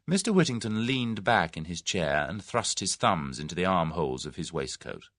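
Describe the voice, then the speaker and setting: A male audiobook narrator reads a classic novel with expressive storytelling. His voice sits low and carries a gravelly texture. The sound is close and dry. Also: normal speed, dry recording. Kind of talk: scripted narration.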